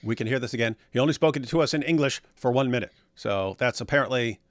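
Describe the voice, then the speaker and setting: A man's voice: mid-range voice, quick pace, no room sound, clean studio sound. A man co-hosting a reaction stream, making teasing, sarcastic remarks in casual commentary.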